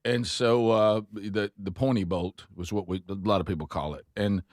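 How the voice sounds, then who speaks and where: Deep-voiced man telling a rambling story. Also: fairly even intonation, normal speed, no echo, clean studio sound. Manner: rambling, self-mocking storyteller with many restarts. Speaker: host. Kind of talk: casual chat, storytelling.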